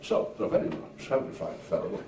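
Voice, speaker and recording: Speaking briskly, a retired drummer and band agent from Merseyside, England, now an older man, spins stories in a casual interview. He performs the voices of those he quotes and swears often, lively throughout. The recording comes from a distance in an echoey room with faint hiss.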